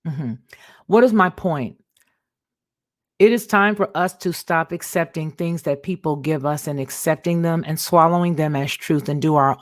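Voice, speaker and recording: Low-voiced woman host, emphatic monologue. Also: darkish tone, no echo, studio quality. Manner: emphatic, repeats words for stress. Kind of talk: monologue commentary.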